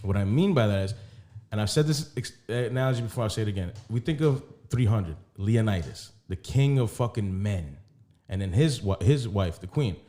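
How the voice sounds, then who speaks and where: A man's voice: lowish voice, lively intonation, normal speed, warm tone. A man co-hosting a casual podcast, talking candidly and profanely about his relationship. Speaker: podcast co-host. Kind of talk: casual chat.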